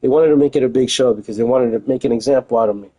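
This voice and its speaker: A man's voice: mid-range voice, racing, dark tone, low-quality recording. A young man streaming from home, talking in a heated, emphatic casual rant and repeating phrases for stress. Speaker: livestreamer.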